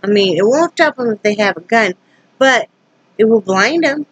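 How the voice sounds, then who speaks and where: A woman's voice: a little high, animated, normal speed, husky, dry recording, low-quality recording. A woman from Wyoming telling a story to her camera in a casual, rambling way, acting out both sides of a tense encounter with many restarts. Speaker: vlogger.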